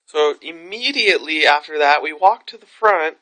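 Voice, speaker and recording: A woman's voice: low-pitched, animated, normal speed, fairly bright tone. A woman vlogging to camera, telling a story in a frank, rambling way with plenty of swearing. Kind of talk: candid vlog monologue.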